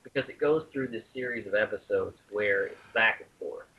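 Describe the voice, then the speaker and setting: A man's voice: on the low side, brisk, slightly rough. A man from the US South co-hosting a podcast in casual chat. He is chatty and stumbles over his words when amused. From US South (Arkansas, Alabama). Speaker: podcast co-host. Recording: dull lo-fi podcast audio.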